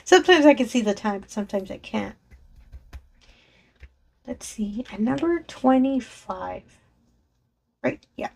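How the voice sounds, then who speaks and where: Brief: woman crafting vlogger, voice on the higher side, bubbly and rambling, laughs a lot, talks into a desk mic. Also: lively intonation, a little slow, creaky, pauses often, a little mellow, slight background noise. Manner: chatty and enthusiastic, frequent laughs and self-corrections. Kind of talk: casual chat while sorting craft supplies. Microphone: desk microphone below a raised camera.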